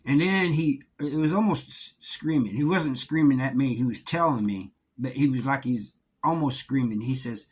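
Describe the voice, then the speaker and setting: Man, middle-aged, husky voice, halting casual storytelling, repeats words. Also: medium pitch. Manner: halting, repeats words, drawling Southern-sounding grammar. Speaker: host telling a prison story.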